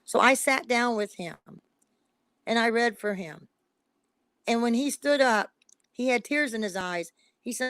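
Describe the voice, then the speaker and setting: Lady psychic on a live stream, high voice, dry close sound, keeps repeating herself, pleading. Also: moderate pace, long pauses, a bit bright, smooth, dry recording. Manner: emphatic and repetitive, pleading. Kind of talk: emotional casual live-stream talk.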